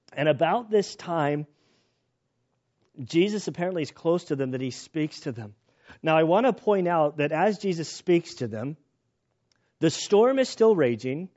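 A middle-aged man preaching a sermon in a conversational, animated storytelling way with restarts. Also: fairly high pitch. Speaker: pastor. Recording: dull lo-fi recording.

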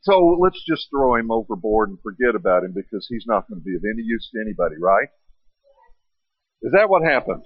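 A man's voice: on the low side, fast talker, hardly any pauses, slightly rough, dry recording. A man preaching a sermon, retelling stories with rhetorical questions and acted-out quotes. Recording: dry, dull lo-fi sound.

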